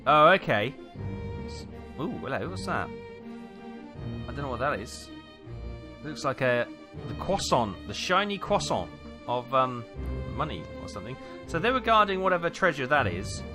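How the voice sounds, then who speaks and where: Let's-player, chatty, thinks aloud, lively pitch, game music under him. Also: male voice, normal speed, long pauses. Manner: chatty, muttering to himself as he thinks. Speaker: gaming video host. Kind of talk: casual let's-play commentary.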